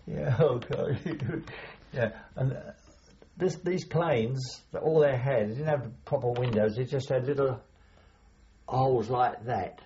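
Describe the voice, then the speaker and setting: A man's voice: medium pitch, measured pace, dark tone, slight background noise. An older man recalling wartime memories in an oral history interview, rambling and hesitant, chuckling as he remembers. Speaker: veteran interviewee. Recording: dull lo-fi recording.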